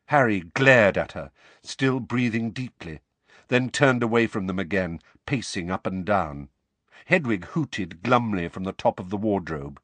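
A male narrator reads a storybook aloud with expressive delivery. His pitch moves a lot, and the voice sounds dry and close to the mic. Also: a little slow, no room sound. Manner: expressive reading. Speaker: audiobook narrator.

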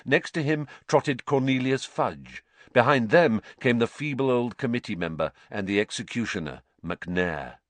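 A man narrating a story in an expressive storytelling manner. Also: medium pitch, moderate pace, no echo. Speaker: audiobook narrator. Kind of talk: scripted narration.

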